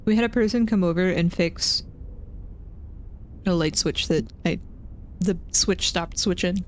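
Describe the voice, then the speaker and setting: A woman from Texas, a streamer telling a story in casual chat while gaming, animated and self-deprecating with nervous laughs. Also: fairly low pitch, unhurried, slight background noise.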